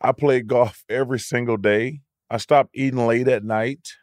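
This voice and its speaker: An older man talks loose and loud on a podcast, laughing easily and giving his opinions bluntly. His voice sits at an ordinary male pitch. It is recorded close and dry, with no room echo. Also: fairly even intonation, moderate pace. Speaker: podcast co-host. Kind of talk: casual podcast chat.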